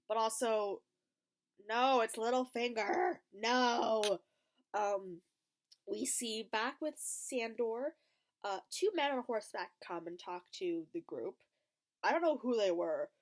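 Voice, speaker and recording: A young woman talks straight to her viewers in a chatty recap, her pitch swinging high and low as she acts out the characters' lines. Her voice sits in an ordinary middle register for a woman but bounces around a lot. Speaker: YouTube reaction host. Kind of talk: casual episode recap.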